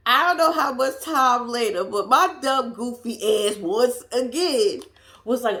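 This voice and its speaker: A woman vlogger spins a story for her viewers in a lively, bouncing voice that swings up and down. She curses freely and laughs at her own antics, and her voice sits a little on the high side. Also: unhurried. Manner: animated, swears freely, laughs at herself.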